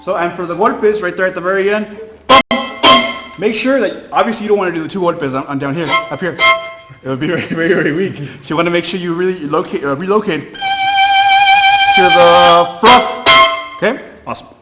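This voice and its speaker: A man's voice: high voice, very animated, a little fast, over loud music. A man teaching a violin section in an upbeat, encouraging way, counting in and explaining dynamics. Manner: upbeat, encouraging, switches between languages. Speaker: violin instructor. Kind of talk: music lesson. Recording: echoey room with instruments playing.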